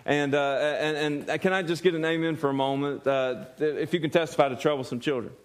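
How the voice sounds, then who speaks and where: A man's voice: a little high, steady tone, fairly quick. A male pastor preaching a sermon earnestly, often repeating words and putting questions to the congregation.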